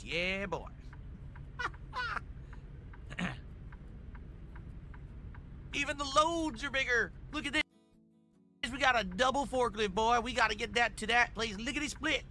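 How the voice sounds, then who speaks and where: A man streaming a truck game while voicing a loud, boastful male Texan trucker in a put-on Texan drawl, calling everyone boy. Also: high voice, a little hiss or hum, exaggerated voice. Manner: brash, folksy, keeps calling people boy.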